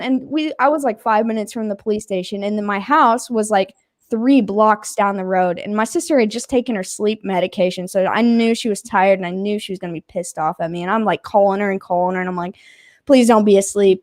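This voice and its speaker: A young woman with a medium-pitched voice tells a story casually and a little fast, acting out what people said. She laughs and swears freely as she goes, animated throughout. The recording is dry, with clean studio sound.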